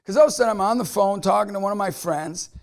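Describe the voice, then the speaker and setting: A middle-aged man delivering a motivational talk with a high, gravelly voice. He speaks emphatically and energetically, pushing his points hard. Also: racing.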